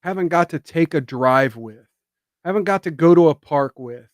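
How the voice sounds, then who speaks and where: A male streamer ranting in political commentary, with a slightly high voice. He talks sarcastically and emphatically, punching lines with indignant questions. The sound is dry and close. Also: moderate pace, no echo.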